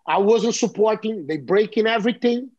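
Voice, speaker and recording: A Brazilian-accented man in his fifties is talking as an interview guest, with a husky, fairly high voice. He tells stories in an animated way, circling back and repeating words as he goes. The audio is dull and lo-fi. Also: normal speed. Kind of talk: casual interview storytelling.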